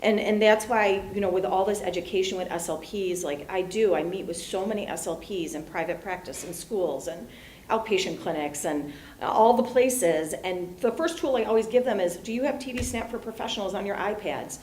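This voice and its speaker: A woman's voice: mid-range voice, moderate pace, a little mellow. An eager woman speech therapist talking on a discussion panel, often quoting her own advice. Her voice carries a roomy echo with a faint noise floor. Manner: enthusiastic, quotes herself. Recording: echoey room, light noise.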